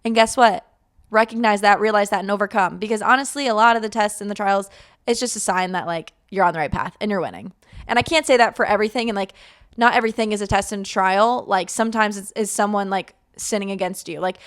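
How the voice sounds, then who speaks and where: Hosting a faith podcast, this young woman talks at a medium pitch, loosely and full of fillers, bringing her retold thoughts to life as she rambles.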